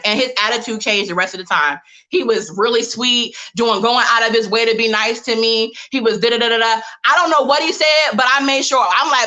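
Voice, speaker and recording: A woman with a bright, slightly high voice gives a motivational talk to a live online audience. She tells personal stories in a direct, lively way and speaks straight to her listeners as "y'all." She talks into a webcam or phone mic on a live stream. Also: fast talker.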